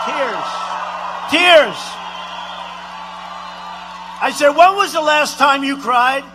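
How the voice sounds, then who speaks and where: A man doing a high, bragging president at a rally. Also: slight background noise, exaggerated voice. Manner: repetitive, rambling, bragging, with sudden shouted lines. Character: boastful, rambling male president addressing a rally crowd. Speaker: impressionist. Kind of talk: political impression, rally speech.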